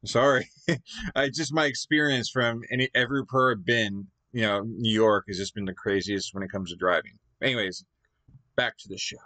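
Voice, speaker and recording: Male reaction host, low-pitched, relaxed rambling talker, dry sound. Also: moderate pace, no room sound. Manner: rambling, chatty, apologetic laughs. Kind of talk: casual chat.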